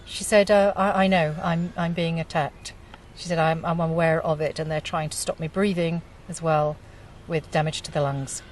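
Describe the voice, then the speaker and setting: A woman hosting a group discussion, talking with many pauses and fillers. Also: low-pitched, fairly even intonation, distant mic, a little hiss or hum. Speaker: group host.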